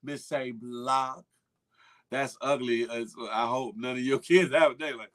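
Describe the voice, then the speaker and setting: This male morning show host keeps his pitch in the middle range, with fairly even intonation and a measured pace. He's reading viewer comments and chatting casually, teasing them with slang and laughter.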